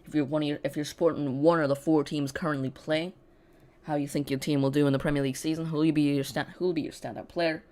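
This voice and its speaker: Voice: medium pitch, little pitch movement, fast, a little mellow. A host giving rambling, casual live commentary on a football match and chatting directly to viewers. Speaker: football watch-along streamer.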